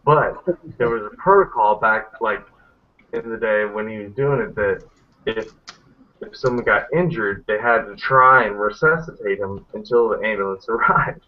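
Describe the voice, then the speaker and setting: This hangout host speaks at normal speed in a lowish voice over a video call with thin, phone-like sound. He's rambling and blunt in the casual group chat, cursing without restraint.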